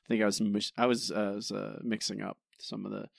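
A man's voice: fairly low pitch, little pitch movement, a little fast, creaky, no echo, clean studio sound. A man co-hosting a casual podcast chat and trivia quiz, self-deprecating and stumbling into restarts. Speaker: podcast co-host.

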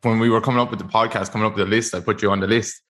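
An Irish man hosts a podcast in a loose, chatty way. His voice sits fairly low, and he rambles, restarts and pokes fun at himself as he goes. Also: fairly even intonation, rapid-fire, a bit bright, faint music behind. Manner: rambling, self-deprecating, stumbles over words. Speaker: podcast host. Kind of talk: casual podcast chat.

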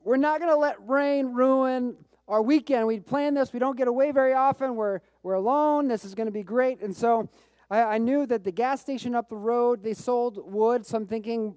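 Excitable storytelling preacher man. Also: very high-pitched, normal speed, clean tone, dry recording. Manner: lively storyteller with bursts of excitement; repeats words when restarting phrases. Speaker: pastor. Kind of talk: sermon with personal storytelling.

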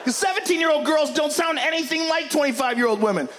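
Loud profane stand-up comedian man. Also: very high voice, fast talker. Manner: profane, shouting punchlines, acting out characters. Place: comedy club stage with laughing audience. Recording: live club recording with crowd laughter and noise.

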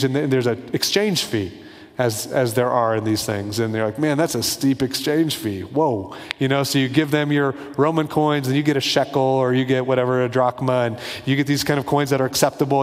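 A man's voice: mid-range voice, long reverb tail. A man preaching a sermon in a casual, conversational way, acting out little bits of dialogue. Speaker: pastor.

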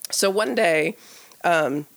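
A woman co-hosting a podcast, telling a story in a casual, animated way, full of "like" fillers and acted-out quoted dialogue. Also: medium pitch, creaky. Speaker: podcast co-host. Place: live podcast taping before an audience.

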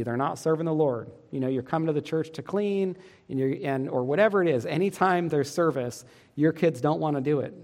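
A man's voice: fairly high pitch, a little mellow. A man preaching a sermon as a pastor, earnest and emphatic. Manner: earnest, emphatic preaching with quoted parent voices.

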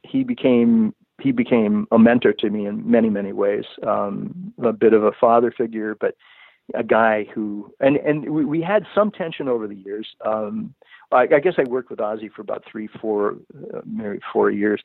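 This guest's lowish voice has vocal fry and a moderate pace as he rambles casually through his life story, often restarting sentences and saying "you know." It sounds tinny like a phone line, dry with no room sound.

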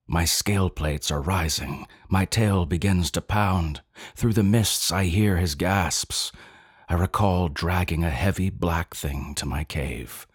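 Deep husky man narrating darkly. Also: no echo, clean studio sound. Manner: intense, brooding, slow and deliberate. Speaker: story narrator. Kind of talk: dramatic audiobook narration.

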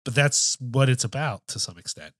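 A man's voice: mid-range voice, no echo, studio quality. A man co-hosting a film podcast in casual discussion, thinking aloud with restarts and casual swearing. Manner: thoughtful, halting, many restarts and fillers, swears casually. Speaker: podcast co-host.

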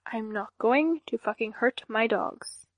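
A woman's voice: on the high side, a little slow, no echo. A woman doing a snarling, foul-mouthed young woman. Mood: hostile. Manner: snarling, curt. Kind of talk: audiobook character voice.

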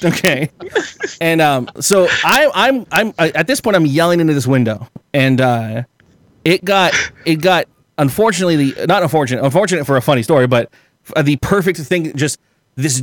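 This podcast guest has a fairly high-pitched voice, recorded dry. He spins a lengthy, meandering tale full of swearing and frequent laughter.

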